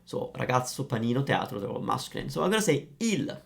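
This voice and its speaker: A man teaching Italian grammar, explaining in a lively, playful way. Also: medium pitch, fast talker, gravelly.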